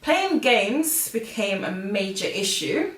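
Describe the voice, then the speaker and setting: A woman's voice: mid-range voice, very animated, slow, fairly bright tone. A woman co-hosting a casual conversation, speaking hesitantly with many fillers and restarts. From United Kingdom. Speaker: co-host. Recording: echoey room, far from the mic.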